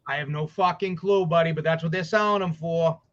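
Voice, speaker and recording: A man co-hosting a casual sports podcast, rambling excitedly and swearing as he talks. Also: a little high, fairly quick. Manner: excited, profane, rambling with restarts. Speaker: podcast co-host. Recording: dull lo-fi audio.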